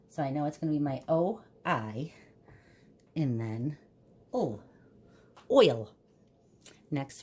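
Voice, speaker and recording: A woman teacher giving a recorded phonics lesson to young children, patiently sounding words out slowly. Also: sits low, warm tone.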